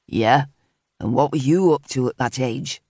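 A woman doing a dry, low-key dad. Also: takes it slowly, no room sound, full character voice. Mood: fond. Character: weary middle-aged father. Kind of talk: audiobook character voice.

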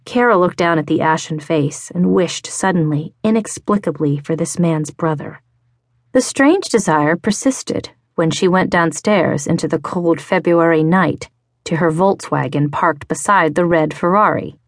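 A woman narrating a romance audiobook in a measured, even way, read into a close studio mic in a recording booth. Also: low-pitched, dry recording. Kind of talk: scripted narration.

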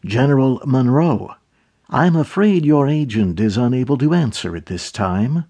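A man's voice: mid-range voice, animated, measured pace, warm tone, slightly rough. A man doing a clipped, cold villain officer. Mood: taunting. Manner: clipped, taunting. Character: menacing male Japanese war-criminal officer, clipped and cold.

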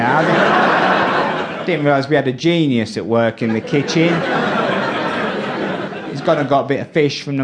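Wry comedian over roaring laughter. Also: male voice, on the high side, expressive, normal speed, pauses often, heavy background noise. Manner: wry, exasperated storytelling. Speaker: stand-up comedian. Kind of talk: live stand-up comedy. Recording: loud audience laughter from a live show. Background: audience laughing.

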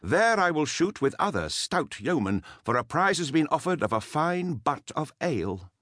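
A man's voice: on the high side, sing-song, moderate pace, a bit bright, dry recording, studio quality, pitched above the performer's own voice. A male audiobook narrator voicing a bold, proud young outlaw archer who speaks boastfully and defiantly. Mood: defiant boast. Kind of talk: audiobook character voice.

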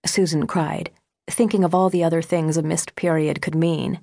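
A woman narrating an audiobook in a measured, intimate way, recorded on a close studio microphone. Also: sits low, steady tone, vocal fry, warm tone, no room sound.

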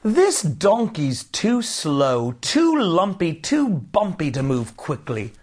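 A man voicing a shrill, grumpy young bride who snaps and shrieks. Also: very animated, slow pace, heavily acted. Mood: grumbling. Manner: shrieking, snappish.

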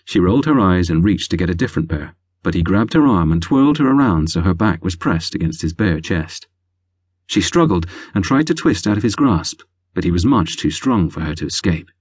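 Romance audiobook narrator, male, deep and wry, close dry studio sound. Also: brisk, husky, dry recording. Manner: lively, wry storytelling. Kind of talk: scripted narration.

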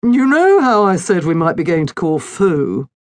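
Pompous storybook dad, prim and lecturing, played by a woman, lively delivery. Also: lowish voice, normal speed. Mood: jolly. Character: fussy middle-aged dad, pompous and cheerful.

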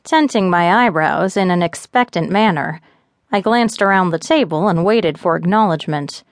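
A woman narrating a romance audiobook in a steady, even storytelling manner. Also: fairly low pitch, normal speed, no echo, studio quality.

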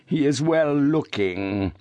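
A man reads a sanctimonious middle-aged gentleman who drawls every word with sugary piety. The voice rides up higher than a plain reading and swoops expressively, recorded dry and close. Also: very animated, no echo, muffled recording, heavily acted. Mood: unctuous. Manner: slow, sweet, unctuous delivery. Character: sanctimonious hypocritical middle-aged male architect. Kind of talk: audiobook character reading.

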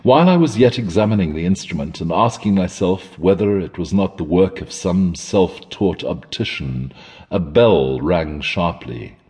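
A man narrating a classic horror story in a measured, dramatic storytelling manner. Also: low voice, expressive, a little mellow, breathy edge, big-room sound. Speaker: audiobook narrator.

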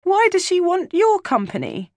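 A woman voicing a jealous, tearful young girl in a storybook reading, with a high, pleading voice. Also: wildly swooping pitch, moderate pace, dry recording, clean studio sound, full character voice. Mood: plaintive.

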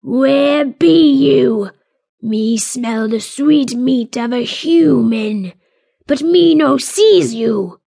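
A woman's voice: high-pitched, very slow, gravelly, dark tone, voice pushed up, heavily acted. A woman voicing a mangy gray male troll, throaty and annoyed, dragging out broken-grammar words in an audiobook. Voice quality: throaty, hollering. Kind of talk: audiobook character voice.

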